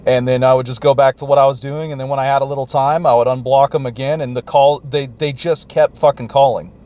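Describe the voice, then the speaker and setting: A man's voice: mid-range voice, steady tone, fast talker, a little mellow. Profane ranting man. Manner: profane and rambling. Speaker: vlogger. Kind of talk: ranting recount.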